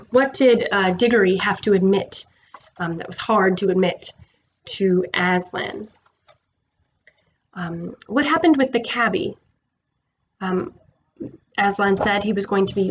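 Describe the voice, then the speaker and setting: A woman's voice: medium pitch, dull audio, slight background noise. A woman reading a novel chapter aloud to her students, then chatting casually about questions. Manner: warm, conversational, with fillers. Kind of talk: read-aloud storytelling.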